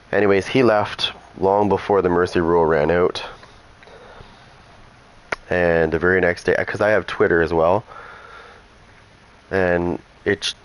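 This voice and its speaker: Low-voiced man rambling over gameplay. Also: low-quality recording. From Canada. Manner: rambling and chatty, trailing off into asides. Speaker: gaming streamer. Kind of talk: casual chat over gameplay.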